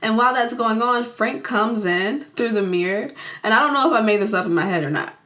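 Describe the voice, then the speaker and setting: A woman's voice: fairly high pitch, a little fast, fairly bright tone. A young adult woman casually retelling a movie plot for her channel. She is chatty and giggly, says "like" a lot and acts out the characters. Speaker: YouTuber reviewing a film. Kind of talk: casual film recap.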